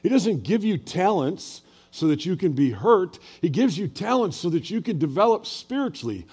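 A man's voice: sits high, sing-song, moderate pace, a little mellow, slightly rough. An older man preaching a sermon as a pastor, telling personal stories in a conversational way and asking the audience questions.

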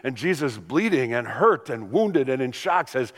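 An older man, a pastor, delivering a sermon that swings between loud emphatic lines and hushed ones. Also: medium pitch, very animated, moderate pace, few pauses, long reverb tail.

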